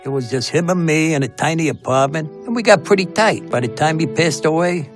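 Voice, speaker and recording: An actor voicing a tough-talking, big-hearted Italian-American male dog in an animated sitcom, with a blunt, streetwise way of talking. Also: on the high side, fairly quick, faint music behind, close to an everyday voice. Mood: wistful. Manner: streetwise, blunt, warmly gruff.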